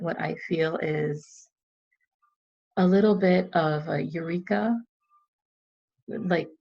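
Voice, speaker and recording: A woman's voice: lowish voice, creaky, darkish tone, husky. A woman in a workshop sharing her reflections candidly and thoughtfully, with hesitant restarts. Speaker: workshop participant. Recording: dull lo-fi video call audio.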